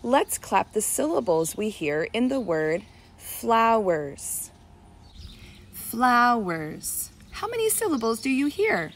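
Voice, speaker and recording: A woman teaching preschoolers in a lesson video, talking in a slow, encouraging sing-song and stretching out words to clap their syllables. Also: on the high side, very animated. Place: outdoors on a summer day.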